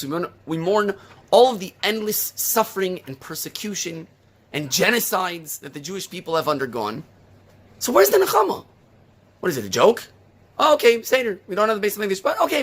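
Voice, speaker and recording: A male rabbi preaching a sermon, firing off rhetorical questions and retelling a story with lively emphasis. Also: high voice.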